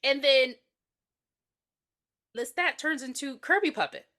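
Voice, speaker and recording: A woman with a high, bright voice co-hosts a casual podcast. She cuts in with blunt, sarcastic remarks and rhetorical questions about the story. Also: a little slow. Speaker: podcast co-host. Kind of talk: casual recap chat.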